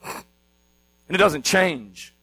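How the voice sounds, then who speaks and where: Guy preaching, lively q&a with the crowd, kinda high voice, hum under it. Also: very slow, gravelly, no room sound, poor audio. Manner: animated teaching, asks the congregation questions. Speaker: pastor. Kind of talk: sermon.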